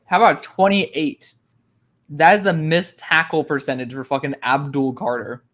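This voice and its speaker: A young man co-hosting a casual chat, excitable, laughing often and swearing casually. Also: on the high side, normal speed. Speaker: co-host.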